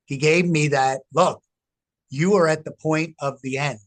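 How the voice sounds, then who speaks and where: A middle-aged man, a researcher, telling his story in an interview with animated, emphatic delivery. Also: on the high side, unhurried. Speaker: guest, researcher. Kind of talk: casual interview talk.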